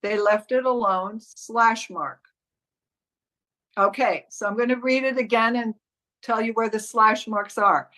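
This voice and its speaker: A woman with a fairly high, very bright voice teaches a live online class on reading commercial copy. She explains methodically, step by step, restarting her sentences as she goes. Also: unhurried, rough recording. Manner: instructive, step-by-step, with frequent restarts. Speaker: modeling and commercial coach.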